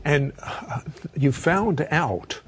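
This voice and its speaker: A man hosting an interview, asking probing questions in an animated way. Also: on the high side, very slow, faint music behind. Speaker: interview host.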